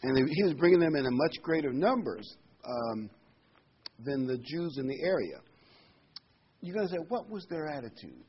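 A man leading a Bible study with a husky voice, reading scripture aloud and explaining it in casual asides. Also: mid-range voice, expressive, moderate pace, pauses often. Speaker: Bible teacher. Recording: dull lo-fi recording.

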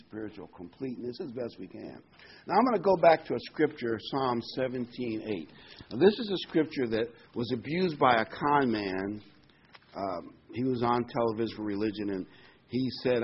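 A man preaching a sermon in a folksy, rambling way, often correcting himself. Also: medium pitch. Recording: dull lo-fi recording, faint background hiss.

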